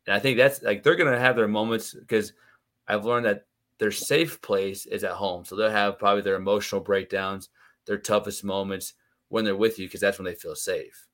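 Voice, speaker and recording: A man's voice: on the low side, steady tone, moderate pace, a bit bright. A man in his thirties, a podcast guest, talking about raising his kids in a reflective, casual way with lots of fillers. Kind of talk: casual conversation.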